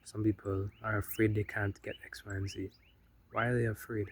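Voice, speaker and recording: A man's voice: fairly low pitch, little pitch movement, moderate pace, slight background noise. A man giving casual spiritual self-help talk, loose and conversational, often adding "right?" and "you know?" between points.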